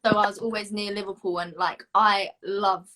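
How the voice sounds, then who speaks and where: A woman's voice: medium pitch, flat delivery, normal speed, sharp tone. A young woman from the south of England hosting an interview, chatty and enthusiastic. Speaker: host. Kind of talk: casual interview chat.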